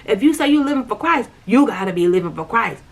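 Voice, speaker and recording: A woman with a fairly high, breathy voice tells her personal testimony on a vlog. She repeats her points for emphasis and talks directly to her viewers in a casual, heartfelt way. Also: animated, fast talker. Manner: emphatic, repetitive, conversational storytelling. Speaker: vlogger sharing her spiritual journey.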